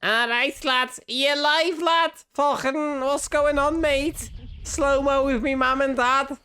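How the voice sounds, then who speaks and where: A man's voice: extremely high pitch, fairly even intonation, takes it slowly, pushed and bright, voice pushed up, heavily acted. A man putting on a comic Scouse lad voice, whining to his mum about being stabbed. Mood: whiny comic. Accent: Scouse put-on.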